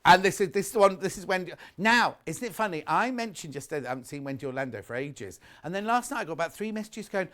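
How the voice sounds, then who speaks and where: Fast and expressive, with hardly any pauses, a middle-aged British man speaks in a high-pitched, fairly bright voice while presenting live shopping TV. He's chatty and gossipy, reading viewer messages and rambling between products.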